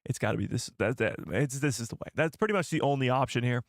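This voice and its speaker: A man's voice: medium pitch, quick pace, no room sound, clean studio sound. A young man hosting a casual live stream, chatty and jokey, thinking aloud with fillers as he reads out viewer comments.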